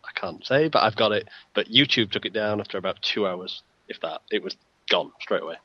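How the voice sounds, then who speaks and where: Dry, deep man on lo-fi line. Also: lively intonation, a little fast, bright, forceful tone, dry recording. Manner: dry, teasing. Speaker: podcast co-host. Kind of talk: casual chat.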